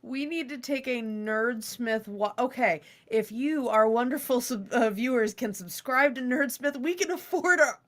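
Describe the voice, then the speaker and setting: A woman's voice: fairly high pitch, a little slow, hardly any pauses, fairly bright tone. A woman player in a tabletop game, chatty and jokey. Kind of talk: casual tabletop play.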